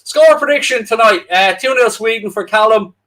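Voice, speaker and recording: A young Irish man co-hosting a live football watchalong, talking straight to his viewers in a loose, joking way. His voice sits high and sounds bright and forward. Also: animated, normal speed. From Ireland. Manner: chatty, jokey, addresses viewers directly. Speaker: co-host of a football watchalong livestream. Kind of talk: casual livestream chat reading out viewer comments.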